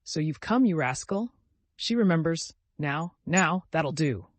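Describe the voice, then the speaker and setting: A man's voice: fairly high pitch, very animated, normal speed, no echo. A man voicing a small, kindly peasant soldier with a tender, caressing sing-song manner. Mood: cheerful.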